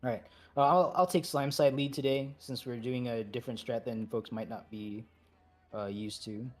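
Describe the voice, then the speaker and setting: A man's voice: medium pitch, fairly even intonation, moderate pace. A man leading a game raid over voice chat, giving easygoing, chatty instructions with apologetic asides. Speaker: raid leader.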